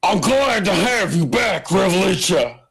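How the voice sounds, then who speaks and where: A man's voice: sits high, very animated, unhurried, vocal fry, a bit bright, husky, pitched above the performer's own voice, heavily acted. A man voicing an aging male crime boss and father who exclaims in a raised voice. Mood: pleased.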